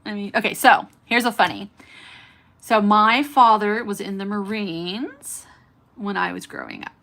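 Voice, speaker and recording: A woman in her 30s with a California accent and a faint Southern lilt hosts a nail-art livestream, chatting casually while doing nails. Her medium-pitched, fairly bright voice is unhurried, and she smiles as she talks, greeting live viewers by name.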